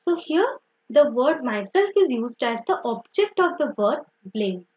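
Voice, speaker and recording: A woman's voice: high voice, big pitch swings, measured pace. A young woman teaching grammar, explaining step by step and often saying "okay" and "so" as she corrects herself. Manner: repetitive, uses "okay" and "so" often, self-correcting. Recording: dull lo-fi recording.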